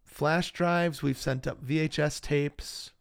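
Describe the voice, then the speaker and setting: A man hosting a podcast in relaxed, chatty conversation that often trails off into fillers. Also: a little high, takes it slowly, gravelly, smooth, no echo, studio quality. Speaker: podcast host. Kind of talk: casual chat.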